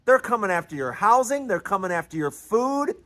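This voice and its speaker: A man's voice: high-pitched, very animated, brisk, fairly bright tone. A man hosting his own show, delivering an emphatic, repetitive political monologue as if lecturing his listeners. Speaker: host.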